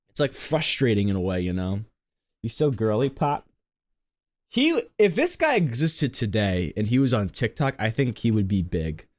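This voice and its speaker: A man's voice: on the low side, wildly swooping pitch, moderate pace, no room sound. A man streaming live, chatting casually and rambling to his viewers.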